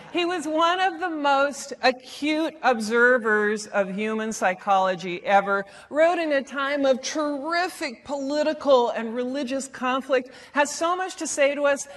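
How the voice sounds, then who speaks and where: High-pitched American woman, playful stage presenter who performs the quotes. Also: a bit bright. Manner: playful, theatrical, acts out lines. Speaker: speaker at a live talk event. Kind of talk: lively presentation talk. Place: auditorium stage.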